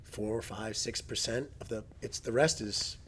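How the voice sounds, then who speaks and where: A man hosting a casual chat as a jiu-jitsu coach, telling stories with plenty of swearing and loud impressions of people. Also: lowish voice, a little slow, a little hiss or hum. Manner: profane, storytelling, imitates people loudly.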